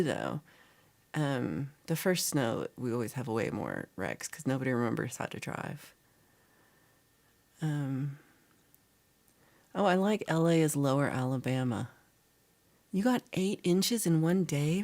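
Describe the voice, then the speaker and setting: A middle-aged woman hosts a livestream, chatting casually with her viewers. Her voice sits low, yet her pitch swings widely as she jokes and teases the people in the chat. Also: darkish tone. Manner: teasing, chatty, reads chat aloud. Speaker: livestream host.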